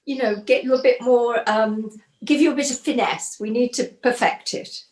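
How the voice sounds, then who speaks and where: A woman's voice: on the high side, fairly even intonation, moderate pace, darkish tone, roomy sound. An older woman with an English accent, chatting genteelly as co-host. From England. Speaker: co-host, host's mother.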